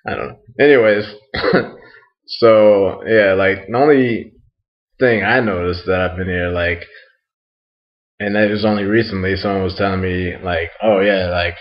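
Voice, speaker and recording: A man's voice: deep voice, measured pace, pauses often, muffled recording. A young American man rambling in a crude, casual monologue, laughing a lot and filling his talk with "like" and "um", a little tipsy after a night out. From United States. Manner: crude, laughs often, fillers like "like" and "um".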